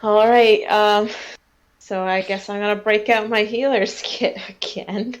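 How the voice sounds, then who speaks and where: A woman playing a tabletop game in casual chat, relaxed and quick to laugh. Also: mid-range voice, lo-fi sound. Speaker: player.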